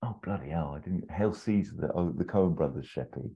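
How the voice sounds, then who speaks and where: Very deep-voiced man pitching a story. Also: animated, a little fast, creaky, breathy edge, highs cut off. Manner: rambling, many fillers and restarts, acts out quotes. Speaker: podcast co-host pitching a story. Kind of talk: casual storytelling chat.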